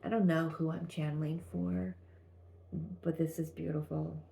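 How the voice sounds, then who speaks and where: A woman giving a channeled tarot reading, talking gently and haltingly with many restarts. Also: low-pitched, little pitch movement, vocal fry. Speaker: tarot reader.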